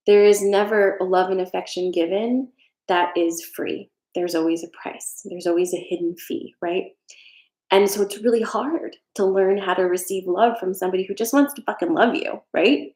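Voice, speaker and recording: A woman's voice: medium pitch, mellow, echoey room. A woman doing a casual tarot reading on a live stream, earnest and reassuring, with some frank swearing. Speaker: tarot reader.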